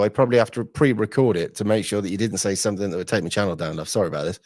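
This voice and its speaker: A man's voice: lowish voice, racing, few pauses, darkish tone, dry recording, studio quality. A man hosting a livestream, talking in blunt, sweary, rambling casual chat. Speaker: livestream host.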